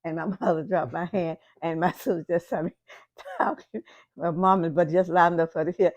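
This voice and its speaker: An older gospel singer, telling animated stories in a casual chat as a guest. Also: female voice, lowish voice, fairly quick, dry recording. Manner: animated storyteller, laughs while telling.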